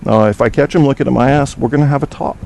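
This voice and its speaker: This podcast host talks very fast in a mid-range voice that's gravelly and warm. Broadcasting from his home studio, he rambles casually through provocative jokes and banter, using plenty of fillers.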